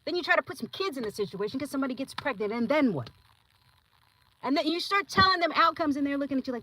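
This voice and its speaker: A young woman hosting a podcast, talking casually and giving her opinions, often acting out other people's lines in quick put-on voices. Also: high voice, slight background noise, rough recording. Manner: animated, acts out voices in quotes. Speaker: podcast host.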